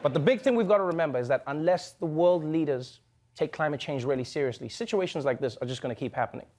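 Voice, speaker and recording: High-voiced man doing jokey commentary. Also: fast, some chatter behind. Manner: jokey, animated, slips into comic impressions. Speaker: late-night comedy host. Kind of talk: scripted comedic commentary.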